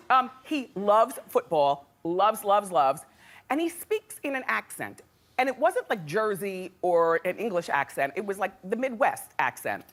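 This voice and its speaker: A middle-aged woman with a slightly high, somewhat bright voice hosts a daytime talk show in a TV studio before a live audience, whose crowd noise is audible. She tells gossip stories in a chatty, dramatic way, laughing often.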